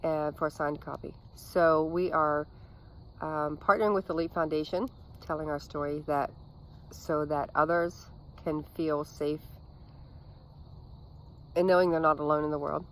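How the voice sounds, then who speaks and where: A middle-aged woman recording a casual evening video outdoors, reading her own memoir chapter aloud in an earnest, unhurried way, with frequent ums and small restarts. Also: low voice, steady tone, low-quality recording. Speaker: author reading from her book.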